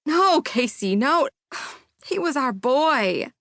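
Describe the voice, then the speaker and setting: A woman's voice: mid-range voice, a little slow, dry recording, clean studio sound. A woman voicing an emotional female morning radio co-host. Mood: shocked. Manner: dramatic disbelief, exclamatory.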